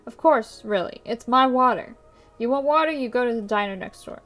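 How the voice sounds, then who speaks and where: A woman voicing a rude, grumpy male motel clerk with a put-on New York-style accent, gruff and sneering. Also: on the high side, normal speed, a bit bright, faint music behind, natural voice. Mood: grumbling.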